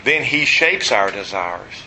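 A man's voice: lowish voice, very animated, slow, sharp tone, slight background noise, low-quality recording. A man preaching a sermon, emphatic, asking his listeners questions and answering them himself. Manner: emphatic, asks the audience questions.

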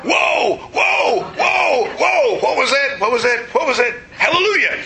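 A man voicing a flustered country preacher on a runaway horse, yelping and shouting in panic during a joke in his sermon. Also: high-pitched, wildly swooping pitch, takes it slowly, gravelly, pitched above the performer's own voice, heavily acted. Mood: panicked. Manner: panicky yelps rising to shouts.

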